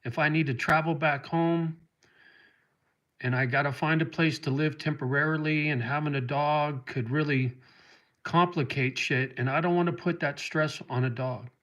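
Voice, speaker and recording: This livestream host, a middle-aged man, answers viewer comments he reads aloud, his sincere talk catching in his throat when dogs are mentioned. The voice is a little high and a bit bright, moving at a moderate pace with fairly even intonation.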